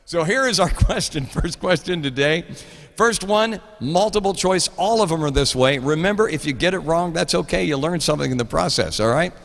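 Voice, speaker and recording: A man's voice: a little high, expressive, normal speed, vocal fry, in a large hall. A middle-aged man with an Oklahoma accent, hosting a live show in casual chat, laughing often as he reads out trivia.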